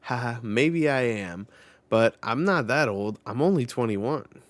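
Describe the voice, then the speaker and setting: Guy putting on a tired young nobleman voice, a bit higher and louder, polite and questioning. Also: animated, unhurried, no echo, close to an everyday voice. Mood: wary.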